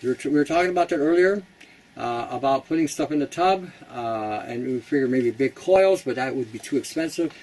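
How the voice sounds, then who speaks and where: A man's voice: medium pitch, expressive, fairly quick, darkish tone, low-quality recording. A man hosting a casual how-to talk, chatty and blunt, laughing at his own jokes. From Canada. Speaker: host.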